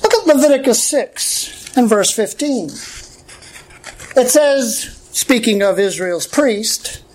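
A woman pastor delivering a Bible-teaching sermon with a slightly high voice. Her voice is hoarse and she keeps clearing her throat. She presses her points with rhetorical questions at an unhurried pace. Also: animated, darkish tone, slight background noise. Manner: emphatic, with frequent rhetorical questions.

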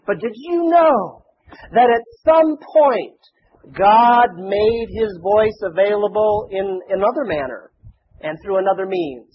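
Emphatic high-voiced male preacher. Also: muffled recording, slight background noise. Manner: emphatic, slows and rises on key words, asks the congregation questions. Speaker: pastor. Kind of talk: sermon.

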